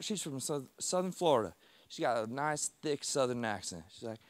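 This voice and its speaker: A man giving a personal storytelling talk on stage to a live audience, speaking in a heartfelt way in short, halting phrases. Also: mid-range voice, animated, no echo.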